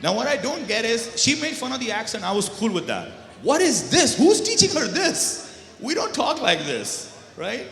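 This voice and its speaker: Comic man working the room: high, bright voice that swings all over, teasing and chatty, echoey banquet hall. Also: wildly swooping pitch, normal speed, gravelly. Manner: teasing, chatty, laughs at own jokes. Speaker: stand-up comedian. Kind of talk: stand-up comedy with crowd work.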